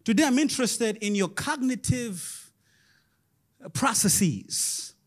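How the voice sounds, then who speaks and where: A male pastor preaches a lively sermon in an extremely high-pitched voice at a slow pace. He's sing-song, chuckles often, and calls out to the congregation.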